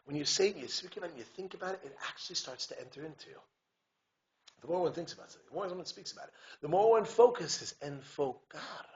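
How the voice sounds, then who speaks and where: A man, a rabbi giving a community talk, telling stories in an animated way, acting out voices and dropping "right?" asides and restarts. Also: a little high. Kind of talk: lively storytelling lecture. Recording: dull lo-fi recording with faint hiss.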